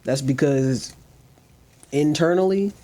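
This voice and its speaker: Mellow-voiced man giving earnest commentary. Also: a little high, slow. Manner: earnest, talks softly to his rescue dog. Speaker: commentary channel host. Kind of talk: reaction commentary.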